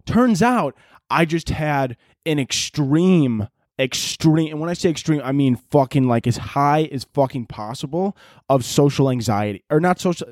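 A young man hosting a casual solo podcast, telling stories in a profane, laughing, animated way. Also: fairly high pitch, unhurried, no echo, studio quality. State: out of breath. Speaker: podcast host.

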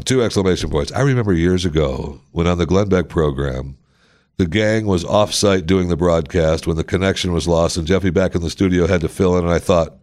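Male podcast host, lowish voice, casual and self-deprecating, playful asides. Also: normal speed, a little mellow. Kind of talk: casual solo podcast chat reading listener reviews.

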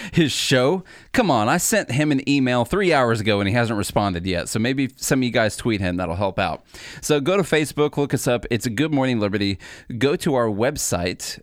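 A man's voice: mid-range voice, no room sound, clean studio sound. Chatty man co-hosting a podcast. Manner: chatty, laughs easily, promotional sign-off. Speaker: podcast co-host. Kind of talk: casual political podcast chat.

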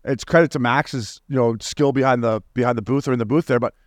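Fast-talking brash podcast co-host man. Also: mid-range voice, no room sound, studio quality. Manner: brash, swears freely, animated storytelling. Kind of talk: casual chat.

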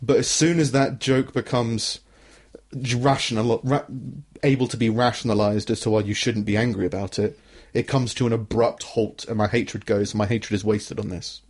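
Young man, podcast co-host, rambling chat, mid-pitched voice, frequent laughs. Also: fairly even intonation, normal speed, darkish tone, breathy edge. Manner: rambling, self-interrupting, laughs often. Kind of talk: casual comedy podcast chat.

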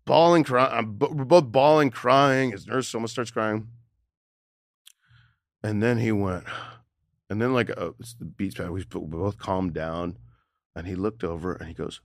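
A man in his forties, a comedian guest, telling a personal story in candid conversation, emotional and halting with many restarts. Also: lowish voice, a bit bright, no echo, studio quality.

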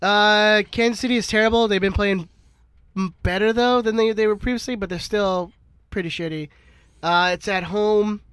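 A man's voice: high-pitched, steady tone, normal speed, a bit bright, clear, resonant tone, no room sound. A man with a cold chatting and bantering in a casual podcast, with a youthful-sounding voice. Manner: laughing, swearing banter. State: has a cold. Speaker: podcast co-host. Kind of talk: casual chat.

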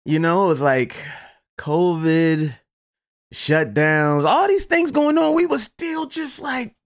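A male podcast host telling a story casually, cursing freely and laughing along. His voice swings widely in pitch with a gravelly edge, recorded dry and close. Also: slow pace, no echo. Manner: animated, profane, laughs through his story.

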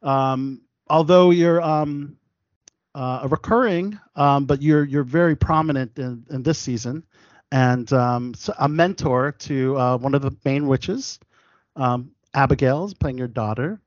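A man's voice: medium pitch, measured pace, no room sound, muffled recording. An American man hosting a casual interview show, talking with many fillers and restarts. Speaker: podcast host.

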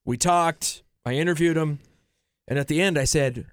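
A podcast co-host with a fairly high, clear and resonant voice chats casually at a moderate pace. He rambles through his stories with many restarts. The studio recording is clean, with no room sound.

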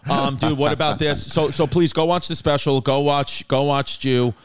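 A man's voice: on the high side, fairly even intonation, normal speed, background noise. A man hosting a casual comedy podcast, joking loosely and trailing off into fillers. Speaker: podcast host.

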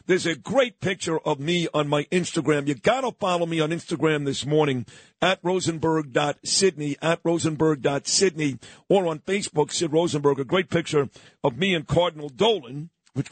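Brash New radio host, dry studio sound. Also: male voice, on the high side, dry recording. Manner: brash, storytelling, acts out quotes. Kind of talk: animated talk radio monologue.

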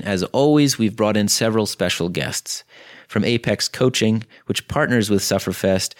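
A man hosting a podcast, reading a scripted intro while ill and losing his voice, so his voice sounds deep and gravelly. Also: no echo, clean studio sound. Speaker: podcast host.

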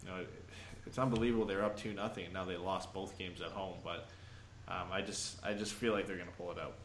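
Lowish-voiced man in an echoey room. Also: fairly even intonation, quick pace. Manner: thoughtful, hedging, laughs between points. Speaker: podcast co-host. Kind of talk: casual sports talk.

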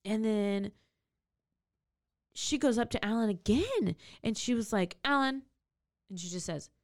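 A woman's voice: a little high, measured pace. A woman co-hosting a podcast, telling a true crime story in casual chat and acting out the people's lines. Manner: animated storytelling, acts out characters' lines.

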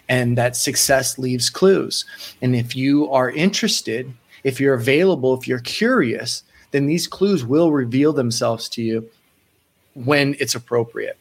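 A man in his thirties, a sports psychology coach, telling stories in a casual interview and acting out the people he quotes. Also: mid-range voice. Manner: animated, acts out quoted voices, frequent restarts.

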